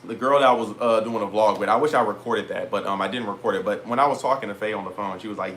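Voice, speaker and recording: A man's voice: fairly low pitch, fast, hardly any pauses, a little hiss or hum. A young man telling a story to camera for his vlog in casual slang with swearing, and he acts out both sides of conversations. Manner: animated, slangy, swears, retells dialogue in quoted voices. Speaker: vlogger.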